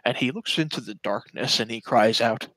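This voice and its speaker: A man running a tabletop game as game master, with a bright, tense voice and casual, halting narration. The sound is dry and close to the mic. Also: mid-range voice, no echo, poor audio. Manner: casual and hesitant, with fillers.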